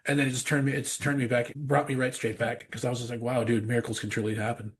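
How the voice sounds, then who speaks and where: A man talks quickly in a husky voice, telling a personal story as a podcast guest. He is earnest and rambling, circling back with repeated phrases as he goes. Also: medium pitch, little pitch movement.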